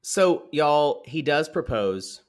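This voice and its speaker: Animated gossipy man recapping reality TV. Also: on the high side, slow pace. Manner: animated and gossipy, addresses listeners as y'all. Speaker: podcast co-host. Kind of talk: casual reality TV recap chat.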